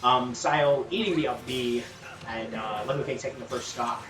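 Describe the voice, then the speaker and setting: A man's voice: medium pitch, moderate pace, noisy background. Canadian man commentating esports casually. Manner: chatty, lots of ums and uhs. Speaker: tournament commentator. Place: campus gaming tournament room. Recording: roomy sound, mic at a distance, game music behind.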